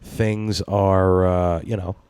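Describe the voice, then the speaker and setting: A man with a deep, low voice hosts a casual podcast, rambling through loose banter, swearing freely and breaking into laughter. The sound is dry and close, with no room around it. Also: level tone, slow pace, darkish tone, clear, resonant tone, dry recording. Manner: rambling, profane, laughs often. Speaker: podcast host. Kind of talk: casual chat.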